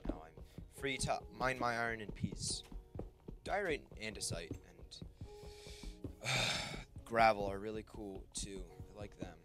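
A man giving casual, excitable let's-play commentary, chatting to the creatures he meets and yelping when they rush him. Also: fairly low pitch, measured pace. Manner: excitable, talks to the creatures on screen, yelps in panic. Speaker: gameplay commentator. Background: game music.

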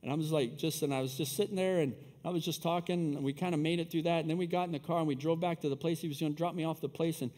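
A man preaching a sermon, telling stories in an easygoing way and building up to loud, fervent preaching. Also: a little high, steady tone, rapid-fire, few pauses. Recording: long hall reverb.

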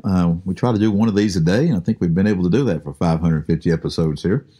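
A man hosting a daily Bible podcast, talking through a Bible passage in a relaxed, unhurried way with frequent pauses. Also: low voice, breathy edge. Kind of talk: conversational Bible study.

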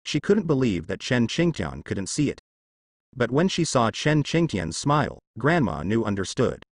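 A man narrating translated web fiction in a steady reading voice. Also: medium pitch, normal speed, no echo, clean studio sound.

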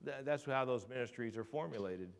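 In a church sanctuary, a man delivers a sermon at a fairly quick clip, his medium-pitched voice carrying some vocal fry. He moves between hushed and loud passages and relies heavily on rhetorical questions and repetition.

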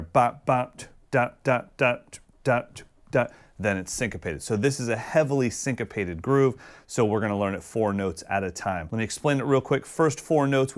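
A man giving a casual, friendly drum lesson who sings out drum patterns with his voice. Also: medium pitch. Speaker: drum teacher. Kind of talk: casual instructional talk.

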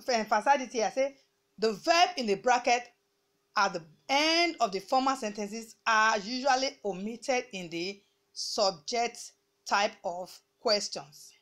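A slightly high-pitched woman from Nigeria gives a grammar lesson to students. She speaks deliberately, repeats each rule, and slows right down when she dictates example sentences. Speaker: English teacher.

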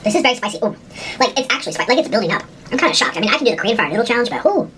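A woman's voice: on the high side, big pitch swings, very fast, a bit bright, slight background noise, rough recording. A woman doing a casual mukbang, chatting at home while she eats, often humming and saying "ooh" between bites. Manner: chatty, talks while eating, little hums and ooh sounds. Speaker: vlogger.

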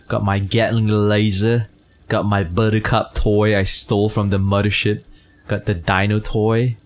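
A man streaming a game, chatting casually with his chat, teasing, full of fillers and swearing. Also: fairly low pitch. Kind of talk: casual gameplay commentary, reading chat.

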